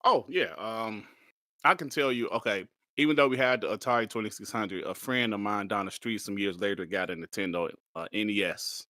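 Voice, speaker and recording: A man in his forties, a podcast guest, telling his story in a relaxed, repetitive way. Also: on the low side, a little fast, no echo, studio quality. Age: 40s. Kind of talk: casual gaming podcast chat.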